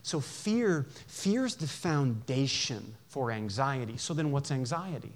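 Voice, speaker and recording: A man preaching a sermon in a church, conversational and animated, with jokes and acted-out voices. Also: mid-range voice, unhurried. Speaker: pastor.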